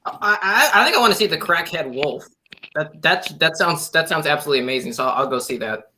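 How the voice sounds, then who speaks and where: A man joining a livestream chat, animated and excitable. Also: fairly high pitch, fast, slight background noise. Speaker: guest.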